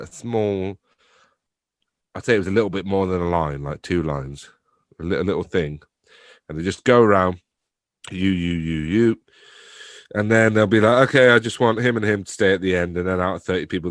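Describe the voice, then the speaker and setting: A man's voice: deep voice, no room sound, studio quality. A young man from England who runs a theatre company, chatting casually as a guest, joking at his own expense and swearing loosely. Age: young adult. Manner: joking, self-deprecating, laughs often, swears casually. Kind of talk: casual interview chat.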